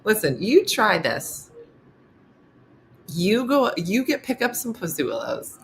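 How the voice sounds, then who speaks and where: A woman's voice: mid-range voice, slow pace, gravelly, slight background noise. A middle-aged woman hosting a morning show, telling comic stories in a casual, laughing way. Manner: animated, laughing, slips into character voices for quotes. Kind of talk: casual comedic storytelling.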